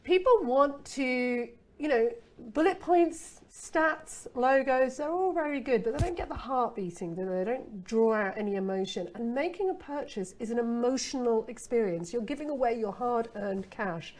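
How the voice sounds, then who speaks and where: A woman's voice: on the high side, lively intonation, moderate pace, darkish tone. A middle-aged woman giving a casual copywriting masterclass, chatty and playful, with rhetorical asides to her listener.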